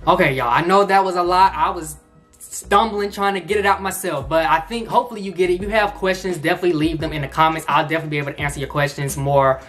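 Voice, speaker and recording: A man's voice: a little high, quick pace, a bit bright, faint music behind. A man casually explaining dress shoes in a how-to vlog, chatty, full of fillers and self-corrections. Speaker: style vlogger.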